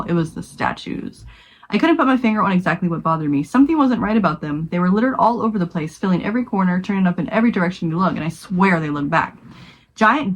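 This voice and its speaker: A young woman with a fairly low voice reads a creepy short story aloud as a podcast co-host. She trips over words now and then and laughs at her own slips. The reading is casual rather than polished. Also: slight background noise, low-quality recording.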